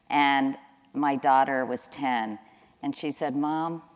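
Middle-aged woman interviewer, low voice, wry and conversational, hall reverb. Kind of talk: onstage interview. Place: large hall with audience.

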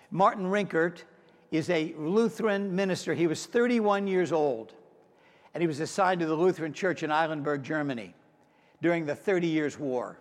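A male pastor preaching a sermon in a church sanctuary, telling stories in an animated way and acting out honking horns. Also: sits high. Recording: long hall reverb.

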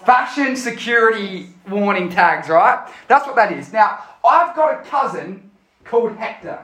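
A young youth pastor talks through a Bible passage and leads a prayer, casual and energetic, often stopping to correct himself. His voice sits high, and the live church hall adds a roomy echo to everything he says. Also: measured pace.

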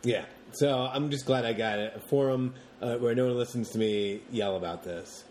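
A man co-hosting a podcast, chatting casually about movies in long, animated rants and mocking the characters as he goes. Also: medium pitch, moderate pace, a little hiss or hum. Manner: rambling, animated rants with mocking put-on quotes. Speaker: podcast co-host.

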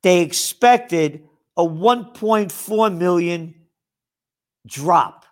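A man's voice: sits high, lively intonation, extremely slow. A man hosting a ranting news commentary, angry and sarcastic, mocking his targets with outraged asides. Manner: mocking asides, blah blah dismissals. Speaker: host.

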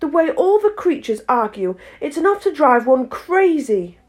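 A woman doing a high, earnest little girl. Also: sing-song, normal speed. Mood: exasperated. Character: polite, curious young girl, easily exasperated.

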